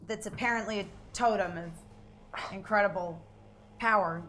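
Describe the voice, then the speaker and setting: A woman's voice: mid-range voice, moderate pace, a bit bright, a little hiss or hum. A woman playing a tabletop role-playing game, casual and laid-back, filling her talk with "like". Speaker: player.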